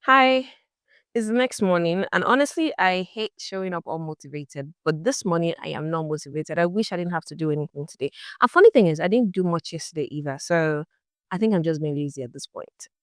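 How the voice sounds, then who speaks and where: A woman's voice: lowish voice, expressive, brisk, dry recording, clean studio sound. A young woman talking casually to her camera in a vlog, chatty and exasperated as she tells a story. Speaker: vlogger.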